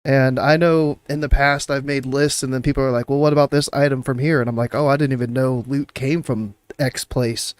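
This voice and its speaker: A man with a mid-pitched voice in a relaxed podcast chat, quoting other people's replies with a shift in voice. The sound is dry and close, with no room echo. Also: fairly quick, hardly any pauses. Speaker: podcast co-host.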